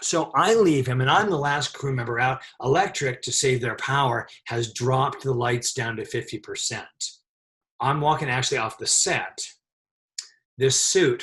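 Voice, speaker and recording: Middle-aged man, set dresser, interview guest, animated storyteller, laughs through his story, mid pitch. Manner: laughs often while telling a story. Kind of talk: animated anecdote telling.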